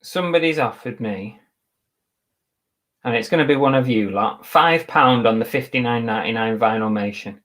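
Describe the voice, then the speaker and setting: Man from Manchester, mid-pitched, casual live-stream chatter, half muttered to himself, webcam mic. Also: moderate pace, fairly bright tone. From Manchester, England. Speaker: eBay reseller streaming live.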